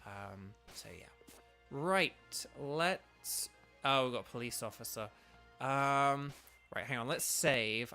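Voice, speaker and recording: A man's voice: mid-range voice, slow pace, sharp tone, faint music behind. A young man talking casually to his live chat while playing a game, rambling with many fillers and restarts. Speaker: streamer and voice actor.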